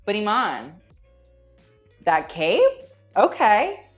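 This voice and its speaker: A woman's voice: medium pitch, huge pitch swings, drawn-out words. A woman giving sarcastic, profane, gossipy commentary on a red carpet, with faint music behind her. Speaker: fashion commentator. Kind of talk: casual commentary.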